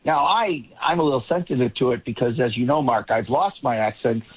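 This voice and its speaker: A man's voice: mid-range voice, a little fast, slightly rough. A man commenting as a guest on a political talk show, rambling and often restarting his sentences. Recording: tinny phone line.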